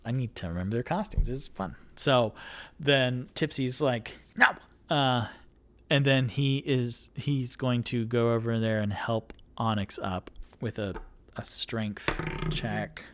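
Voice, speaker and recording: Man, dungeon master, casual game narration, rambling, slow, mid pitch. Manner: rambling, filler-heavy, animated. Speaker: dungeon master and solo player.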